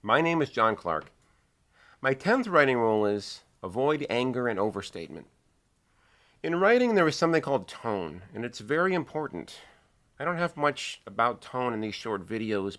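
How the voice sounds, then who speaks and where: A middle-aged man giving a measured, earnest video lesson on writing. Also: medium pitch, sing-song, a bit bright. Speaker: writing teacher.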